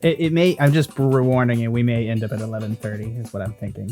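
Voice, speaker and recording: A man's voice: mid-range voice, fairly even intonation, fast talker, over music. A man narrating a tabletop game as dungeon master and podcast host, rambling with plenty of fillers.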